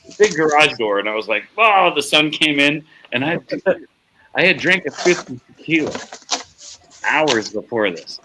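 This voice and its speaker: A man's voice: medium pitch, lively intonation, normal speed, pauses often, noisy background. A middle-aged man hosting a casual chat, rambling and profane as he tells a story, often laughing at himself. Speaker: show host.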